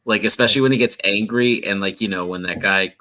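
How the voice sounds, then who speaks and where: A man's voice: lowish voice, fast talker, sharp tone. A man co-hosting a wrestling podcast, chatting casually and enthusiastically. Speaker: podcast co-host. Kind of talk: casual chat.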